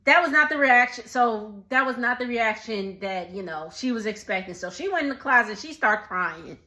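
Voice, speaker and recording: A woman, giving a sassy, animated casual recap and talking back to the people on screen. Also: a little high, normal speed, roomy sound. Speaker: recap vlogger.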